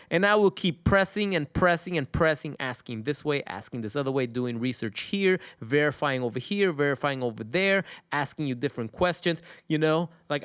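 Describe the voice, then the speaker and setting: A man's voice: a little high, fairly bright tone, smooth, dry recording, studio quality. A man hosting his channel, talking to viewers in an emphatic, repetitive, profane monologue. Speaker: channel host.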